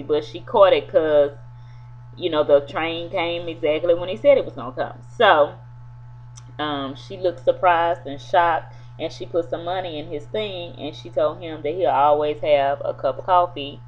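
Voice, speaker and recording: A woman reviewing a TV episode gives a casual spoken recap in a low voice, rambling and retelling loosely with lots of filler words. The audio is tinny and phone-like, with a faint hum.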